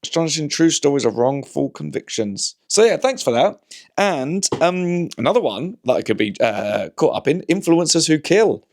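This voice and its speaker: A man's voice: on the high side, very animated, normal speed, darkish tone, a little hiss or hum. A man, a comedian, talking to camera in a casual rambling monologue, wry and anecdotal, often restarting his sentences. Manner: wry, anecdotal, talks himself through hypotheticals with frequent restarts. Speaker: comedian and vlog host.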